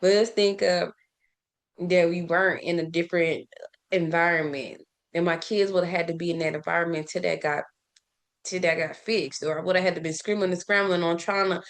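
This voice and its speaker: A woman's voice: on the low side, fairly even intonation, moderate pace. A woman talking casually about faith, asking listeners rhetorical questions, laughing often and often restarting her sentences. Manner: repeats words and restarts often. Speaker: faith and self-care vlogger. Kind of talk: casual spoken devotional.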